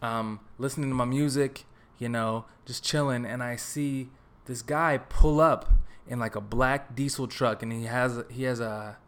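A young man from Texas hosting a solo podcast, telling a story in a relaxed, joking, rambling way with lots of fillers. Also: medium pitch, a little slow. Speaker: podcast host. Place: his apartment.

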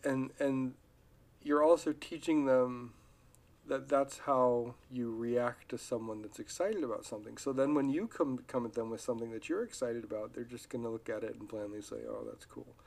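Male podcast host with a gravelly voice at mid pitch, rambling and relaxed, restarting his sentences often. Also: moderate pace. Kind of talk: casual solo podcast talk.

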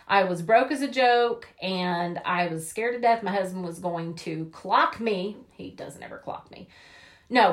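A woman giving an upbeat, chatty motivational talk about network marketing, often acting out quoted voices. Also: mid-range voice.

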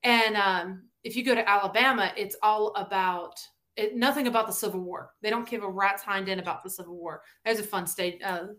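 Woman, Tennessee Southern accent, podcast guest, animated storyteller, acts out quotes. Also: mid-range voice, a little fast, hardly any pauses. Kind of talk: casual interview chat.

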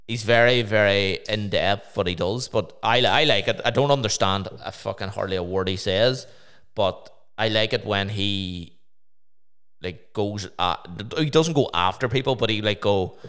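A man's voice: lowish voice, moderate pace, fairly bright tone, clean tone. A man co-hosting a podcast in casual chat, talking loosely with lots of swearing and "like". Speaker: podcast co-host.

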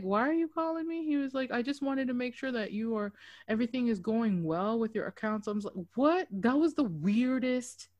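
A woman's voice: mid-range voice, no room sound, clean studio sound. A woman co-hosting a casual podcast, swearing freely and acting out the people in her stories. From Dallas–Fort Worth area, Texas. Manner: profane, animated storyteller who acts out quotes. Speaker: podcast co-host. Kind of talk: casual chat.

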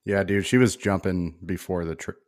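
Low-voiced laid-back man hosting. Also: steady tone, moderate pace, darkish tone. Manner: laid-back, says dude a lot, many fillers. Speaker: podcast host. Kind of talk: casual podcast chat.

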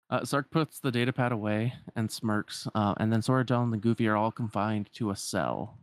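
A man's voice: fairly low pitch, normal speed, hardly any pauses, clear, resonant tone, no echo. A man casually retelling a story as a podcast host, with lots of filler words.

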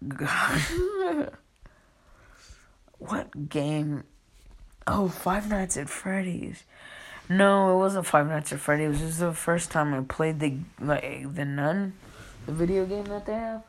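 A young adult vlogger telling a rambling, profane story in casual talk, often laughing and swinging from hushed to loud. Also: mid-range voice, slow pace, pauses often.

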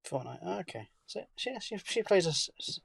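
A man's voice: high-pitched, very animated, brisk, creaky, breathy edge, no room sound. A man co-hosting a podcast in casual chat among friends. He talks loosely, stops and restarts often, and swears now and then. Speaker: podcast co-host.

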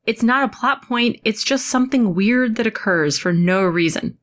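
A woman co-hosting a casual film chat, wry and quick to swear, acting out scenes she describes. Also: on the high side, animated, fairly bright tone. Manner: wry, swearing, acts out quotes. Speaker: podcast co-host.

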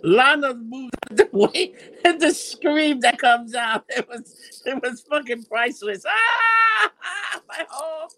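A man co-hosting a casual chat, excitable and profane, laughing often. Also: extremely high pitch, a little slow, poor audio.

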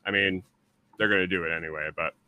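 Laid-back low-voiced male guest. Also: fairly even intonation, quick pace, sharp tone, no echo, low-quality recording. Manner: laid back, rambling with fillers and swearing. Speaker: guest, full-time RVer channel creator. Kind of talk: casual conversation.

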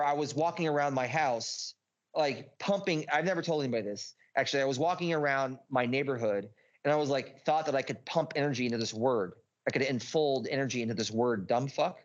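A man telling a story as a podcast guest, rambling and excitable, swearing a lot and packing his talk with filler words. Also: medium pitch, a little fast, muffled recording. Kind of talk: casual storytelling.

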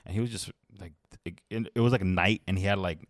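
A man's voice: low voice, quick pace, dry recording, studio quality. A young man in casual chat, crude and joking, doing mocking impressions.

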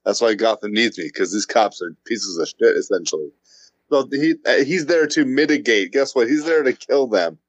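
A man's voice: mid-range voice, animated, normal speed. A man co-hosting a casual podcast, explaining points in a sardonic way. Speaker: podcast co-host.

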